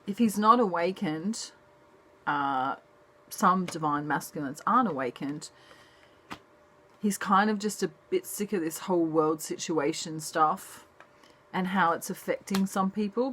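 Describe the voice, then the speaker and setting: A woman talks through a casual tarot reading in a soft, chatty manner. Her voice sits a little low, and she takes her time with each thought, speaking slowly. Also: slight background noise. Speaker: tarot reader.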